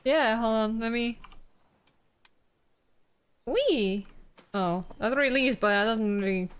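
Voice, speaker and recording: A woman's voice: on the high side, expressive, takes it slowly, smooth. A woman hosting a stream, chatting casually and giggling as she coaches her partner through a co-op game. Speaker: streamer host. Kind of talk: casual co-op gaming chat.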